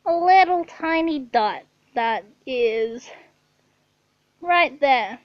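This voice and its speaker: A woman's voice: high-pitched, animated, very slow, dry recording, dull audio. A young woman telling a rambling story to her camera in her bedroom, swearing often and saying "like" a lot. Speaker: vlogger. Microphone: own camera.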